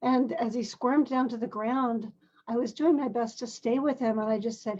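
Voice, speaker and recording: An older woman, a parent and grandmother, telling a personal story in a gentle, earnest, measured way, now and then clearing her throat. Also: a little high, steady tone, dull audio.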